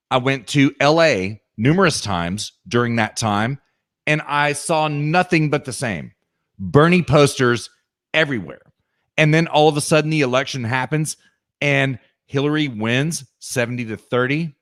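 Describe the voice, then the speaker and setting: Male podcast co-host, slow and insistent, speaks straight to the listener. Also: mid-range voice, animated, a bit bright. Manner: emphatic, keeps asking "okay?" and addresses the listener directly. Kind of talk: opinionated podcast talk.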